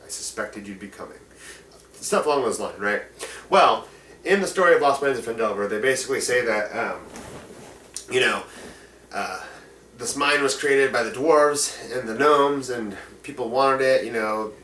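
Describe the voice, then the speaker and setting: At a moderate pace, a game master with a mid-range, pushed and bright voice offers rambling, enthusiastic tabletop tips packed with fillers. It's a casual how-to talk recorded with a distant mic in an echoey room, with faint noise.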